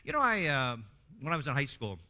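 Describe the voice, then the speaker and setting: A man presenting a workshop in a lively, humorous teaching talk who acts out quoted voices and often restarts his words. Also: mid-range voice, brisk.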